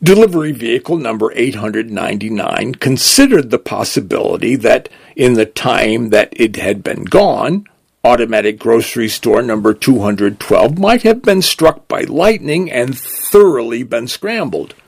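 A man narrating a story in a measured, expressive way. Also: mid-range voice, gravelly, husky, no echo.

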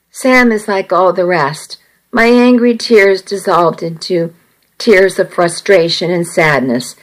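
A woman reading a first-person romance story aloud in a steady, measured way. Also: fairly low pitch, low-quality recording.

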